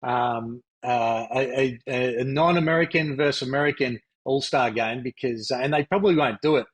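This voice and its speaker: A husky-voiced Australian man in his fifties talks as a podcast guest about his playing days. His pitch sits in the middle range, and his delivery is relaxed and rambling, with plenty of fillers. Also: normal speed. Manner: easygoing, reminiscing, frequent fillers. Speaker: guest, former pro basketball player. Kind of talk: relaxed interview chat.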